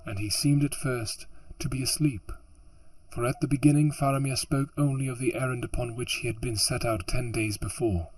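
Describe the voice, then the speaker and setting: Husky-voiced man joking through audiobook outtakes. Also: mid-range voice, fairly even intonation, normal speed, no echo, poor audio. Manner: jokey, talks to himself, stumbles and restarts lines. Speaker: audiobook narrator. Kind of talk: audiobook outtakes with rambling asides.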